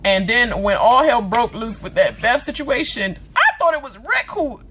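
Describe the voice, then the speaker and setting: A woman's voice: fairly high pitch, big pitch swings, normal speed, pushed and bright, slight background noise. A woman talking straight to her viewers in a loose, chatty rant. She is dramatic and swears freely, drops lots of fillers and asides, and slips into voices for the characters she describes. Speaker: vlogger reviewing a TV episode. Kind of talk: casual reaction rant.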